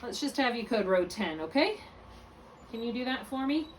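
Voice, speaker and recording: A woman's voice: on the high side, expressive, normal speed. A woman tutoring a student one-on-one in phonics. She explains step by step and often stops to correct herself. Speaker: reading tutor. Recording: distant mic with faint room noise.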